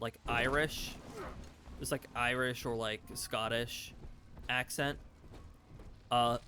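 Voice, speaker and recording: A man's voice: mid-range voice, noisy background. A man giving casual gameplay commentary as a let's play host, rambling with fillers and self-corrections. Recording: game music underneath.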